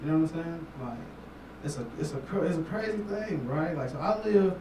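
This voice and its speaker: Lively and brisk, this slightly high male voice belongs to a stand-up comic from Memphis, Tennessee, somewhere in his 30s. He tells rambling, foul-mouthed stories onstage, laughing often and tossing in asides. The recording sounds distant and noisy, with the roomy echo of a club.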